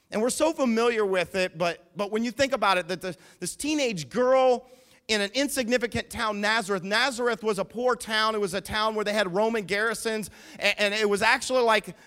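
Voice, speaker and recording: A pastor preaching a sermon, emphatic, asking the listeners questions and swinging between hushed and loud. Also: male voice, high-pitched.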